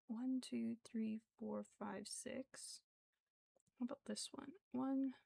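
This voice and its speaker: A woman with a somewhat high, gravelly, mellow voice crochets live on stream. Her talk is casual and wandering, studded with fillers, and she counts stitches partly to herself.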